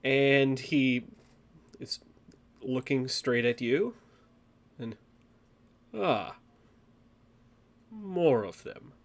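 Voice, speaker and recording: A game master describing a scene to the players in an unhurried, descriptive way. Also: medium pitch, expressive. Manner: unhurried, descriptive, laughs easily. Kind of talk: tabletop game narration.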